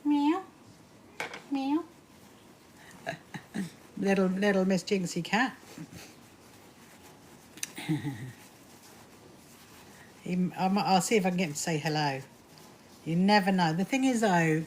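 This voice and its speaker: Woman, slightly low voice, chatty live stream host, faint room hum. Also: unhurried, long pauses. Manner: chatty, greets viewers, laughs often. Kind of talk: casual live stream chat.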